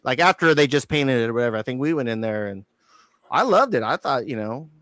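A man telling a profane, animated story as a guest on an interview show, acting out quotes. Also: mid-range voice, brisk, no echo, clean studio sound. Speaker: guitarist guest.

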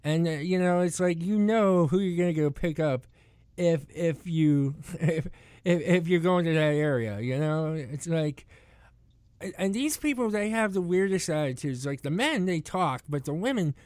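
This rideshare driver's voice is fairly high, expressive, and a little mellow, at normal speed with no echo. Chatting casually on a podcast, he rambles, laughs a lot, restarts, and acts out quotes from his passengers' stories.

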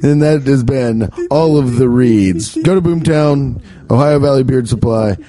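A man's voice: medium pitch, measured pace, dark tone. A man hosting a podcast, chatting casually with crude jokes and frequent laughter. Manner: crude, laughs often, jokey. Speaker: podcast host. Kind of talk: casual comedic chat.

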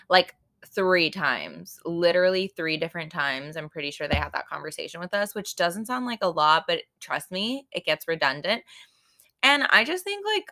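A woman's voice: on the low side, lively intonation, moderate pace, pushed and bright. A woman in her twenties hosting a podcast, chatting casually and rambling, full of fillers, frank and playful with swearing. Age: 20s. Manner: rambling, full of "like" and "I don't know". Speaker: podcast host. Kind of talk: casual solo podcast chat.

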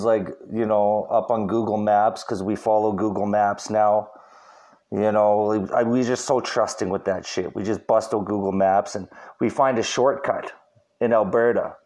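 A man's voice: medium pitch, a little mellow. A young man from Saskatchewan telling a road-trip story as a podcast host, rambling and swearing, with "dude" in nearly every sentence. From Saskatchewan, Canada. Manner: profane, rambling, says "dude" constantly.

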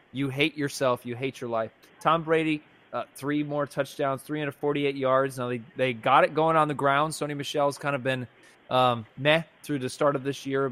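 A man's voice: mid-range voice, a bit bright. A man co-hosting a casual sports fan reaction podcast, rambling and exasperated, with frequent restarts. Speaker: podcast co-host.

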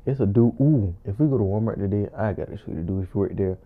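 A man's voice: fairly low pitch, fast. A man chiming in with blunt, joking remarks in a casual chat. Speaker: friend chiming in. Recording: tinny phone-like sound.

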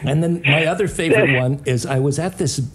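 A man's voice: on the high side, fairly quick, a loud crowd. A middle-aged man telling prank stories in a casual chat, acting out the voices of the people in them. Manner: animated, does character voices in anecdotes. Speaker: podcast co-host.

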